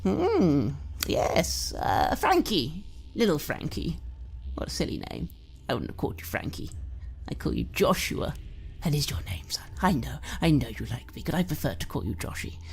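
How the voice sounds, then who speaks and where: A woman's voice: low-pitched, huge pitch swings, normal speed, vocal fry, heavily acted. A woman voicing a tipsy, doting, sinister mother who coos, stammers and drops into whispers. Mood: wheedling.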